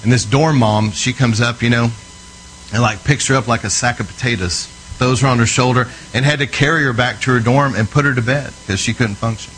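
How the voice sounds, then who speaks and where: A man's voice: mid-range voice, fairly even intonation, fairly quick, a bit bright, slight background noise, low-quality recording. A man preaching a sermon in a conversational, storytelling way, often checking in with his listeners, earnest and emphatic.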